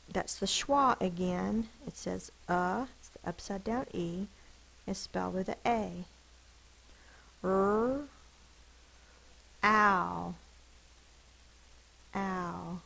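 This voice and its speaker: Slow, gravelly-voiced woman teaching phonics. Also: mid-range voice, poor audio. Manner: slow, deliberate sounding out of words. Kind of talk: phonics spelling lesson.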